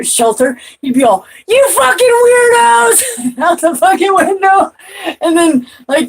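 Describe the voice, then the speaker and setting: A woman vlogging in a rambling, profane monologue, swinging from loud outbursts to trailing off. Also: fairly high pitch, slight background noise, rough recording. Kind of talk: rambling personal talk to camera.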